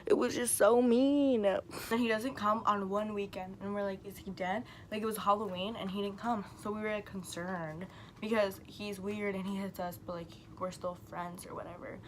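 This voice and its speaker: A woman's voice: mid-range voice, normal speed, slight background noise. A young woman vlogger telling a long story in a casual, rambling way, full of filler words and swearing, acting out what people said. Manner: animated, acts out quotes. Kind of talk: storytime vlog.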